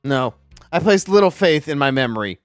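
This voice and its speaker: A man's voice: fairly high pitch, animated, moderate pace, soft background music, natural voice. A man voicing a cold, haughty male prosecutor with a clipped, stern delivery.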